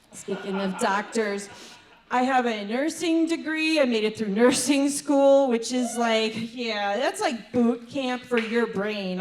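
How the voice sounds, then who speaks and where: A middle-aged woman performing a stand-up comedy set, chatty with quick asides and laughing at her own jokes. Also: medium pitch.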